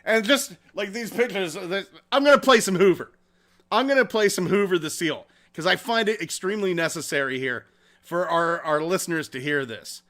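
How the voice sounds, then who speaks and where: A man hosting a casual podcast, reading chat comments and telling stories in a profane, animated way. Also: sits high, moderate pace. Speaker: podcast host.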